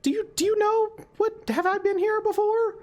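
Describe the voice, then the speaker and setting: A woman's voice: very high voice, steady tone, normal speed, darkish tone, voice pushed up. A woman voicing a timid companion with lost memories, speaking in an eager, hesitant way. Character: timid young amnesiac companion.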